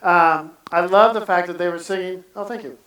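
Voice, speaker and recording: A man giving a casual, earnest church sermon, talking in halting bursts full of restarts. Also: high-pitched, fairly even intonation, a bit bright. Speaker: preacher. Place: church sanctuary. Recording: echoey church sanctuary from a distance.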